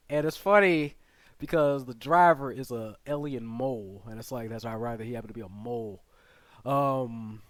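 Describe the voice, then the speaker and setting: A man's voice: medium pitch, no echo. Male host, laid-back plot recap, rambling with lots of fillers, dry close sound. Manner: rambling, filler-heavy retelling with quick asides. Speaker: channel host reviewing a series. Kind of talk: casual spoken plot recap.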